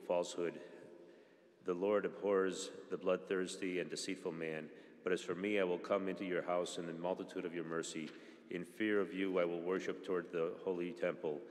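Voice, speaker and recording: Low monotone guy reading psalms at church service, big echoey church sound. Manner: steady reading with small slips and restarts. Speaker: church reader. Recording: long church reverb.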